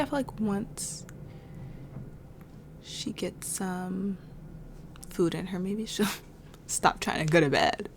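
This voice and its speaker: A woman's voice: medium pitch, gravelly, a little hiss or hum. A woman hosting a life-sim game playthrough, chatting casually about what her characters are doing and laughing often. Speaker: let's play host. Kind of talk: casual gameplay commentary.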